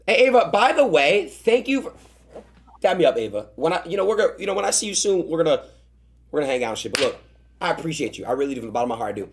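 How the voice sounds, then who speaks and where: A man's voice: a little high, sing-song, very fast, slight background noise. A young man hosting a casual stream chat, flustered and stammering as he defends himself. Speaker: streamer host.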